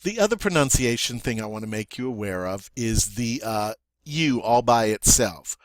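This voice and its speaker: A man's voice: medium pitch, expressive, moderate pace, dry recording, studio quality. A man teaching a French pronunciation lesson, patiently repeating words and checking in with "all right?".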